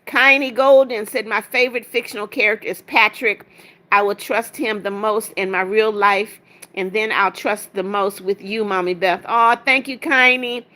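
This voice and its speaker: A woman's voice: medium pitch, fairly even intonation, normal speed, bright, forceful tone. A woman hosting a livestream, reading chat comments aloud and greeting viewers with cheerful repeated hellos, sometimes stumbling over names. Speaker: livestream host.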